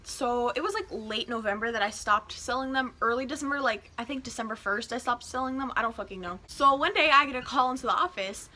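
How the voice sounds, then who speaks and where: Bright-voiced teenage girl telling a storytime. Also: fairly high pitch, a little fast, few pauses. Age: teens. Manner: animated, swearing, acts out quoted voices. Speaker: vlogger. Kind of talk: casual storytime. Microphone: phone camera.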